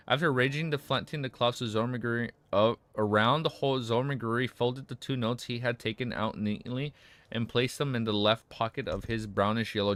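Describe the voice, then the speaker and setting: A man with a raspy voice reads a web novel aloud, stumbling over words, rereading lines and breaking off into excited asides. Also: mid-range voice. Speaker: streamer reading a web novel aloud and reacting. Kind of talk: casual reading with live reactions.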